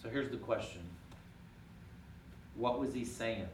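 A man's voice: mid-range voice, slow, a little hiss or hum. Roomy distant male preacher. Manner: rises to emphatic peaks, then drops quiet and intimate. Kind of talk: sermon. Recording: echoey room, from far off.

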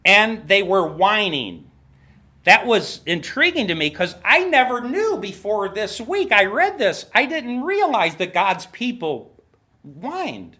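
A man preaching a sermon as a pastor, acting out quoted voices with big jumps in pitch and poking fun at himself. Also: big pitch swings, a little slow, bright, forceful tone. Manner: self-mocking humor, laughs at himself. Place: church.

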